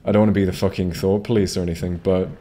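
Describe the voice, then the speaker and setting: Man, low mellow voice, casual profane play-by-play commentary, frequent restarts. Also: flat delivery, racing, slight background noise. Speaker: gamer streaming a playthrough. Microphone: home streaming microphone.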